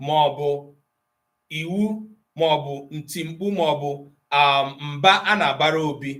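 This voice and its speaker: A man's voice: on the high side, fairly bright tone. Igbo-accented male tutor, leisurely delivery, patient explainer. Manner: explains slowly, switching between Igbo and English, quizzing students. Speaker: Igbo language teacher. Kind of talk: online language class.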